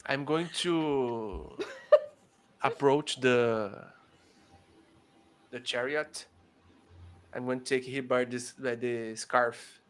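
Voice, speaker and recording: Male player, Portuguese native, slow and deliberate. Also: mid-range voice, fairly bright tone, clear, resonant tone. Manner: deliberate, stating actions. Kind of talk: casual game talk.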